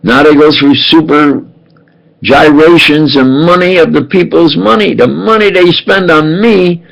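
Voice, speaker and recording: A man in his eighties in a rambling, aggrieved monologue, halting and repeating himself. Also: a little high, creaky, fairly bright tone, poor audio. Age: 80s. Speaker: self-published speaker.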